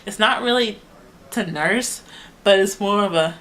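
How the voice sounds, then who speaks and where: Chatty young mom rambling to camera. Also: female voice, mid-range voice, unhurried, a bit bright, a little hiss or hum, poor audio. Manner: chatty, rambling, heavy use of "like", laughs often. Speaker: mother vlogging a baby update. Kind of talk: casual chat to camera.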